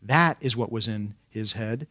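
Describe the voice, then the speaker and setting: A man's voice: lowish voice, a little slow, pushed and bright. A man preaching an expository sermon, asking dramatic rhetorical questions and hammering points home with repetition.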